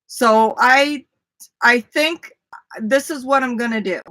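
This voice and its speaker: Bright, chatty woman streaming. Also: a little high, slow. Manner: chatty, talks to viewers by name, laughs easily. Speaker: livestream host. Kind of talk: casual live chat with viewers.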